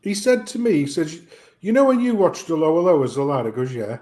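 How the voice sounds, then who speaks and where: British guy ranting and swearing his way through a story, highish voice. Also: fairly quick. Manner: profane ranting, animated storytelling. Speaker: chat show guest. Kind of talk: casual chat.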